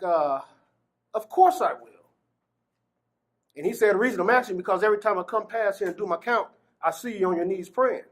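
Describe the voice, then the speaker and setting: A man with a notably high voice for his sex recounts his own story in an interview. He is from Gary, Indiana. He acts out the dialogue he quotes and often laughs between phrases. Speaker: exoneree telling his story. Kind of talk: personal testimony in an interview.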